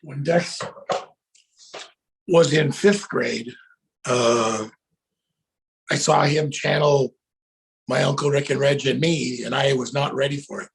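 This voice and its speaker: Gravelly man telling lively stories. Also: mid-range voice, slow, long pauses. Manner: animated, bursts into shouted cheers when retelling. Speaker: guest actor. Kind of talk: casual storytelling interview.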